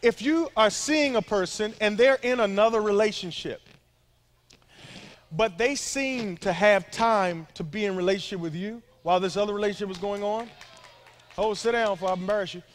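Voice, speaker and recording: A man's voice: sits high, moderate pace. A middle-aged male pastor giving a sermon to a young crowd, talking in a loose, joking way with asides to the listeners. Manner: conversational, humorous preaching with asides to the crowd.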